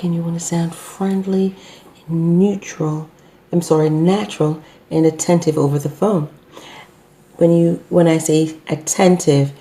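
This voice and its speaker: A middle-aged business owner teaches customer service in an unscripted talk, her fairly low voice dark in tone. She sounds hesitant, using lots of fillers and correcting herself often.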